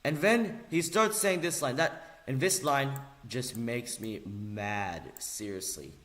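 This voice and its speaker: A vlogger delivers an angry, sarcastic ranting monologue, swearing and repeating phrases for emphasis in a heated way. His voice is medium-pitched, slow, and fairly bright.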